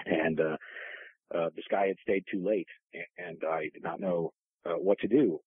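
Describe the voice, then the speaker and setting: A man with a very low, gravelly voice tells long family stories, circling back with restarts and fillers. His voice comes through a tinny phone line, dry and close. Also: fairly even intonation, normal speed, no room sound. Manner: rambling, many restarts and fillers. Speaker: guest author. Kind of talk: casual storytelling interview.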